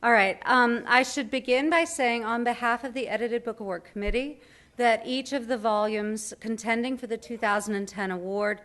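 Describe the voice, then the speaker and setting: A woman's voice: fairly high pitch, moderate pace, fairly bright tone. A woman presenting an award at a banquet, reading a prepared citation with brief asides. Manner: formal reading with light asides and fillers. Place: banquet hall.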